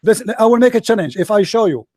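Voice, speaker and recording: A man's voice: high-pitched, animated, fast talker, a little mellow, no room sound, clean studio sound. A man arguing hard in a religious debate, mocking and repeating himself. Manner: combative, mocking, repeats phrases.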